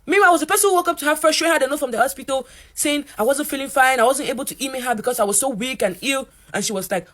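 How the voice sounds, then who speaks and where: A young woman from Africa, a college student, ranting to camera in an animated storytime. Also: rapid-fire. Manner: animated, voices quotes in a higher pitch.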